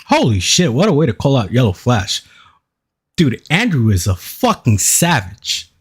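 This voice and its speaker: Excitable profane streamer man, lively pitch. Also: moderate pace, breathy edge. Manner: excitable, profane, hyping up the clip. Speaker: streamer reacting to a video. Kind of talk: live-stream reaction commentary.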